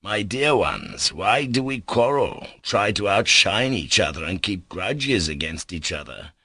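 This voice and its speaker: A man voicing a gentle, tender young man who is dying, speaking in soft, caressing words. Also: on the low side, very animated, unhurried, creaky, breathy edge, dry recording, full character voice. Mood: tender, joyful.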